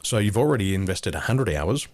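Interview guest: middle-aged Australian man, deep, dry close sound, easygoing anecdotes. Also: a little fast, dry recording. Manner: relaxed, anecdotal, chuckles at his own jokes. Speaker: guest, business coach. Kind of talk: interview storytelling.

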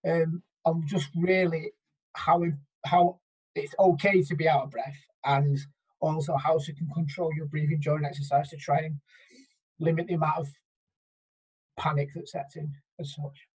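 A co-host talks in a slightly breathy voice. They think aloud in a relaxed chat and often restart their sentences. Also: medium pitch, normal speed, poor audio. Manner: thoughtful, hesitant restarts. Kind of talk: casual podcast chat.

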